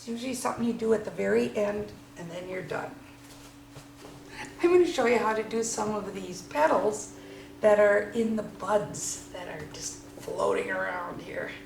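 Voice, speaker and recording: A woman's voice: mid-range voice, moderate pace, gravelly, darkish tone. A woman teaching a watercolor painting lesson, chatting with enthusiasm as she paints. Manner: enthusiastic, chatty while working. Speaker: watercolor instructor. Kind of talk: painting demonstration. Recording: echoey room with faint noise.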